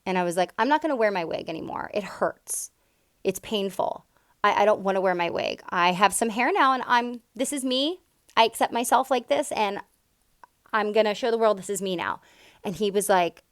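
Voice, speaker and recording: A woman's voice: mid-range voice, normal speed, long pauses, dry recording, clean studio sound. A woman in her young adult years telling a personal story to camera, emphatic and candid, full of asides. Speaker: vlogger sharing a personal story.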